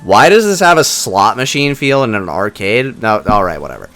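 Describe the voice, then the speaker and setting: Man, let's play host, wry self-mocking asides, animated intonation, soft background music. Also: on the low side, normal speed.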